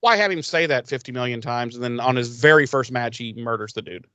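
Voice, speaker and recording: A man's voice: medium pitch, fairly quick, fairly bright tone, clean tone, no echo. A podcast co-host man recapping a TV episode in rambling casual chat, acting out the characters' lines and swearing freely.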